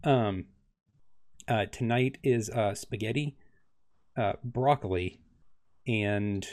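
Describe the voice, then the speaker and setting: A young man narrating as game master of a tabletop game, halting with many ums and uhs. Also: on the low side, darkish tone.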